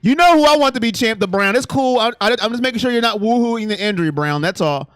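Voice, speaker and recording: A fast-talking man with a clean tone runs a laid-back sports live stream, reading fan comments. He's animated, alternating low mutters and loud exclamations, and the studio-quality audio has no room sound.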